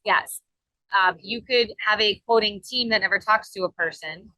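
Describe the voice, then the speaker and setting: A woman's voice: mid-range voice, moderate pace, bright, forceful tone, no room sound, low-quality recording. A woman co-hosting a podcast in casual, playful banter, recorded between sessions at a conference. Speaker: podcast co-host.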